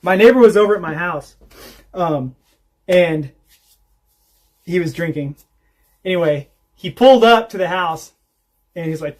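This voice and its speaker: Chatting casually on his homestead livestream, this man spins rambling, profanity-laced stories punctuated by laughs. He speaks in a high-pitched voice at a moderate pace, pausing often.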